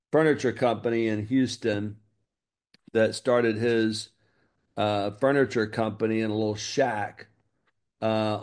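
Guy coaching his group on marketing, punchy, hammers the key words. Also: medium pitch. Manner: energetic, emphatic, repeats key words. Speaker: business coach.

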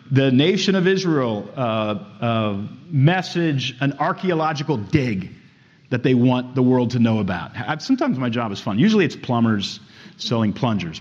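A man giving a talk, telling a story with lively acted-out dialogue. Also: medium pitch. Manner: animated storytelling, acts out dialogue. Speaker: speaker. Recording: dull sound with long hall reverb.

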